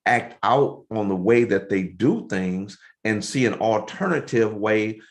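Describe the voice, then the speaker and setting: A man's voice: on the low side, unhurried. A man hosting a casual interview over a video call, affirming and conversational with his guest. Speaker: show host.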